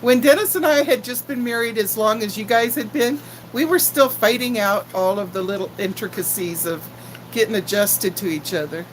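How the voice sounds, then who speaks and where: A woman's voice: medium pitch, moderate pace, slight background noise, rough recording. A woman in her sixties hosting a casual live stream, chatting affectionately with viewers and greeting them by name. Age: 60s.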